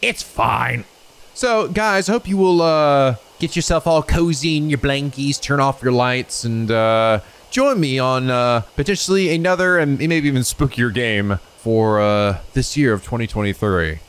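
A man hosting a let's play, chatting excitedly and a little ramblingly as he introduces a new game. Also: normal speed, smooth. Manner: voices quoted people in a raised pitch. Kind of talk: casual gaming commentary.

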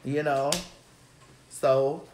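A woman's voice: extremely low pitch, monotone, very slow, warm tone, slight background noise. Brash, profane woman telling stories. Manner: brash, profane, rambling storyteller. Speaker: host. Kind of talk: casual chat. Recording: roomy echo.

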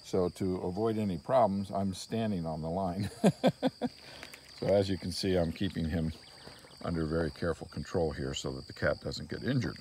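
Low gravelly-voiced man training a dog. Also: normal speed, slight background noise. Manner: calm explaining, breaking into coaxing calls to the dog. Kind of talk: explaining a training session on camera.

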